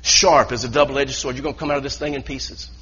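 A man's voice: medium pitch, fairly even intonation, quick pace, bright, forceful tone, slightly rough, highs cut off. A man preaching a sermon as pastor, earnest and full of restarts and repeated words.

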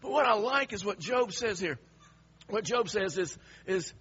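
A man preaching a sermon, dropping to hushed lines and then rising to emphatic, raised passages. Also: sits high, very animated, normal speed, breathy edge, muffled recording.

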